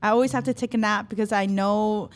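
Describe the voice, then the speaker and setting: A woman's voice: medium pitch, fairly even intonation. Chatty woman hosting a podcast. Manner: chatty, affirming, quick to agree. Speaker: podcast host. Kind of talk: casual podcast conversation.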